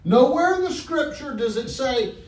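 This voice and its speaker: A man preaching a sermon as pastor, trading calls and responses with his congregation and building up to shouts. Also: very high voice, animated, normal speed, distant mic. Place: church sanctuary. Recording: echoey hall, mic from afar, faint noise.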